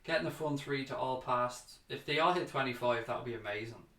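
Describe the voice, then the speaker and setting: A man's voice: mid-range voice, fairly quick, pushed and bright, echoey room. A man hosting a casual fan chat livestream, reading out viewer comments and chatting back to them, calling people mate.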